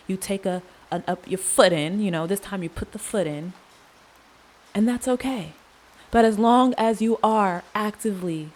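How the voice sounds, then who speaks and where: A woman hosting a solo podcast, talking in an earnest, conversational way with long pauses and casual slang. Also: medium pitch, a little mellow. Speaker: podcast host. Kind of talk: reflective solo podcast monologue.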